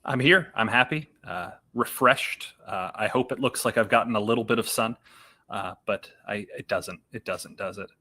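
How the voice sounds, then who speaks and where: A man's voice: lowish voice, normal speed, pushed and bright. A man co-hosting a sports podcast, joking around in a wry, casual way. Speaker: podcast co-host.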